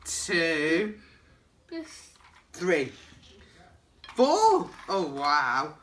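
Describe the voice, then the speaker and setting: A man with a gentle, patient and coaxing manner, chatting casually and asking lots of encouraging questions while making a treat in a home kitchen. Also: fairly high pitch, huge pitch swings, very slow, slight background noise. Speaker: co-host of a home cooking video.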